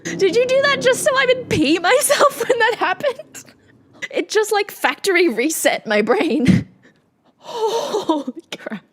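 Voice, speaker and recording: A woman's voice: very high-pitched, sing-song, slow. A woman reacting to a song, giggly and stunned. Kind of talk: music reaction commentary.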